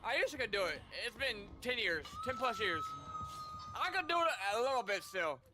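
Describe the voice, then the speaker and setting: A man's voice: very high-pitched, very animated, moderate pace, music in the background. A young man streaming a game, chatting loosely, swearing and laughing often. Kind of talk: casual gameplay commentary.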